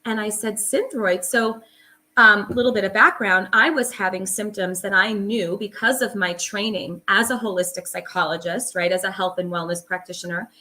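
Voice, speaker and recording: A woman's voice: mid-range voice, steady tone, moderate pace, sharp tone. A middle-aged woman, a holistic psychologist, telling her story as an interview guest in an earnest, emphatic way with many fillers.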